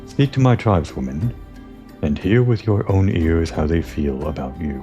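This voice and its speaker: A man's voice: deep voice, animated, normal speed, mellow, lo-fi sound, faint music behind. A man reading out the lines of a proud, distrustful female tribal chieftain from a game, in a formal, solemn manner. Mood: stern. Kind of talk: reading game dialogue aloud.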